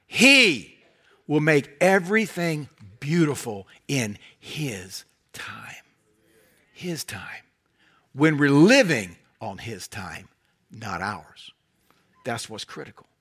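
A middle-aged man with a Southern American accent from North Carolina, preaching a sermon with folksy humor and animated storytelling that drops to soft intensity. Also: medium pitch, slow, long pauses, husky.

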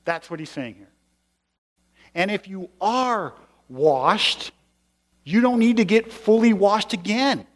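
A man's voice: high-pitched, lively intonation, takes it slowly, long pauses. Man preaching in a reverberant hall. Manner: conversational, explanatory, emphatic. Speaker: pastor. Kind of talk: sermon.

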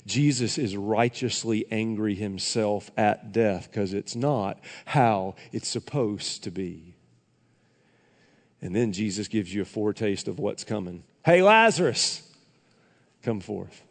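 A man's voice: fairly low pitch, steady tone, a little slow, a little mellow. A male pastor preaching a sermon earnestly and emphatically, addressing the congregation directly. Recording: long hall reverb.

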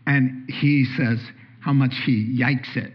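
A man's voice: fairly high pitch, lively intonation, a little slow. An older man preaching a sermon, telling stories animatedly and acting out voices. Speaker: pastor. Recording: dull lo-fi sound.

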